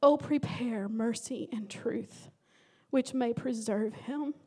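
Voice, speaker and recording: High-voiced woman pastor preaching. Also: slow, breathy edge. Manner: emotional, dramatic storytelling with sudden loud emphasis. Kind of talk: sermon.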